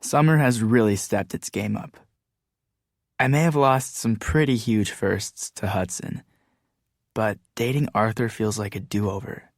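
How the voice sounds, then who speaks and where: Lower-voiced man narrating an audiobook. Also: unhurried, no echo, clean studio sound. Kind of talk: first-person audiobook narration.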